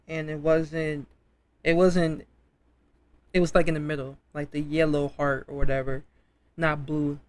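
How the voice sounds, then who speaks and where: A man casually commenting while playing a dating game, reading choices aloud and judging them. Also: on the high side. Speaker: gaming streamer.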